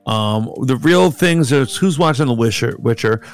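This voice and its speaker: A man's voice: medium pitch, animated, moderate pace, clear, resonant tone, soft background music. A man co-hosting a podcast, telling rambling stories in casual chat and swearing freely. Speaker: podcast co-host.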